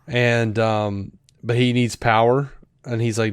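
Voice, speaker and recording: A man in casual podcast chat, at an average pitch for a man, recorded close and dry. He rambles along with fillers and restarts and breaks into animated acted-out quotes as he retells scenes. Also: slow pace, smooth, dry recording. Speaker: podcast co-host.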